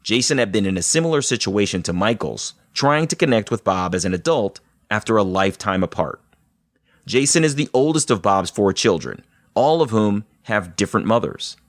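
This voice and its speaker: A man's voice: fairly low pitch, normal speed, dry recording, studio quality. A man hosting a podcast, narrating the story and reacting to his guest with short replies. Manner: narrates in a lively voice, short reactions while listening. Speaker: podcast host. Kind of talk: scripted narration and interview.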